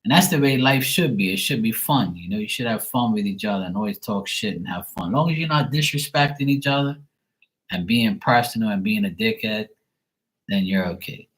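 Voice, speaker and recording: A man chatting casually to camera, rambling and swearing freely in a relaxed way. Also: on the low side, fairly quick, rough recording. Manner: rambling, profane, laid-back. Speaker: tarot reader, channel host.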